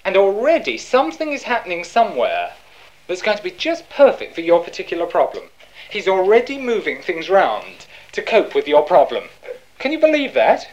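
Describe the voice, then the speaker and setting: A woman's voice: lowish voice, huge pitch swings, moderate pace, a little mellow, dull audio. A woman preaching a sermon, asking rhetorical questions and answering them herself.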